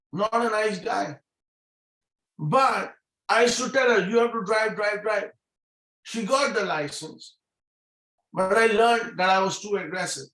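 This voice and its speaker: A middle-aged man delivers a motivational talk over a video call. His voice sits a little high and he hammers home points by repeating key phrases. The sound is echoey, as from a bare room. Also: a bit bright. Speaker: guest speaker at a business meeting.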